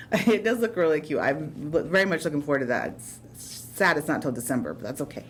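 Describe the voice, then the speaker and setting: Woman co-host, lower pitch, casual and giggly, slight background hiss. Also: lively intonation, brisk. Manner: chatty, laughs often, filler-heavy. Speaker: podcast co-host. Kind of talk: casual chat.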